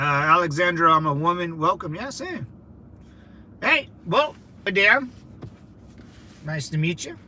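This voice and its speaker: A man from California livestreaming from a vehicle, rambling excitably through viewer comments with lots of fillers. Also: high-pitched, a little hiss or hum, rough recording. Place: in a moving vehicle in a city.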